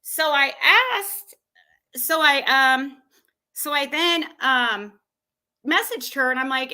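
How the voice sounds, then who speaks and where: A woman with a cold hosts a casual livestream chat, exasperated and rambling, full of fillers and half-finished sentences. Her voice is high and bright. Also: takes it slowly, poor audio. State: has a cold. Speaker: livestream host.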